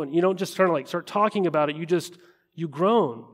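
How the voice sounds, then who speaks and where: High-voiced man preaching a sermon. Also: normal speed. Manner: conversational preaching, asks the congregation questions. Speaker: pastor.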